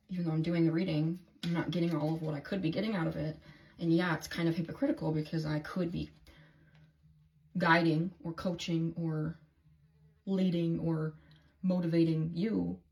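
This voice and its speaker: Woman, low register, candid rambling tarot-reading diarist; salty, self-talking delivery. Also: flat delivery, moderate pace, pauses often, a little mellow. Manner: candid, rambling, swears freely, self-talk. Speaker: tarot reader. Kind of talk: casual tarot reading video diary.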